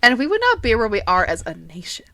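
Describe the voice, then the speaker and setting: A woman's voice: on the high side, wildly swooping pitch, quick pace, gravelly, pushed and bright, no echo. A young woman co-hosting a podcast in casual chat, giggly and swearing freely. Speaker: podcast co-host.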